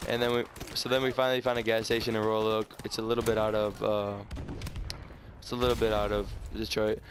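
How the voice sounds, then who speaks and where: A sixteen-year-old boy, casually telling a story over gameplay in a halting, rambling way full of restarts and stutters. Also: on the low side, level tone, noisy background. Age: teens. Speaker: gaming YouTuber. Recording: faint gunfire from game audio. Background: video game gunfire.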